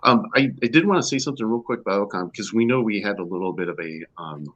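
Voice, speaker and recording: A man's voice: fairly low pitch, expressive, quick pace, fairly bright tone, dull audio. A man, a podcast guest, chatting casually and rambling with many fillers. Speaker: guest player.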